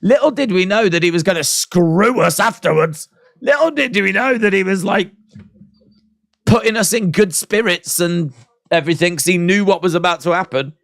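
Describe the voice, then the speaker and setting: A man's voice: sits high, normal speed, a bit bright, no echo, clean studio sound. A man casually commenting on a live show for his viewers, joking and sarcastic, reading out chat messages. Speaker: wrestling watch-along streamer. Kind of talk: live-stream reaction commentary.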